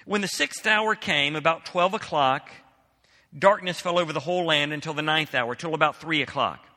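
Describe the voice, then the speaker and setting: A man's voice: on the high side, moderate pace, pushed and bright, long reverb tail. A man preaching a sermon as a pastor, reading scripture aloud and then explaining it with emphasis.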